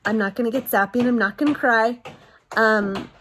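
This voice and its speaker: A woman's voice: fairly high pitch, fairly even intonation, a bit bright, a little hiss or hum. Woman in her 30s, heartfelt birthday message to grandpa, lots of ums and restarts. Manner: halting, with many ums and restarts. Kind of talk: heartfelt recorded tribute.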